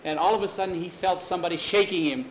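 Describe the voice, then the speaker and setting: A man telling a story aloud in a lively, expressive way. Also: high voice, fast talker, dull audio, slight background noise. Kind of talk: animated storytelling. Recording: echoey room with faint ambience.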